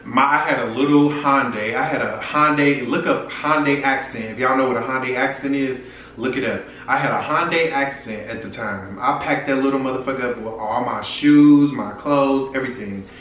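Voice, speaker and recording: A man's voice: mid-range voice, normal speed, fairly bright tone, distant mic, a little hiss or hum. A young man telling a personal story to his viewers in a frank, profane, casual way. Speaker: vlogger. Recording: echoey room, voice from off-mic.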